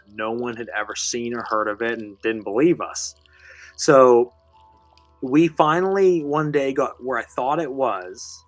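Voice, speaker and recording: A man hosting a live show, telling a story in a casual, rambling, conversational way with casual swearing. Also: medium pitch. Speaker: host.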